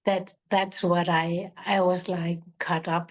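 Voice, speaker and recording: A woman in a group who shares her thoughts in casual chat, slowly and haltingly, with some amusement. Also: lowish voice, little pitch movement. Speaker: group participant.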